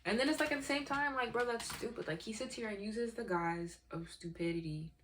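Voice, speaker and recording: A woman's voice: on the high side, a little fast, a bit bright, slight background noise. A woman ranting in a vlog, profane, heated and exasperated as she tells her story. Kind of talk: emotional rant vlog.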